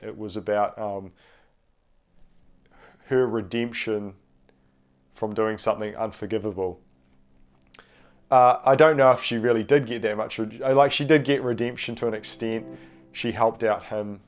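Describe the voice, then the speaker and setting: A man hosting a casual film review video, nasal from a cold, talking in a rambling, hesitant way with many fillers. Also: lowish voice. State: has a cold. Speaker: film review channel host.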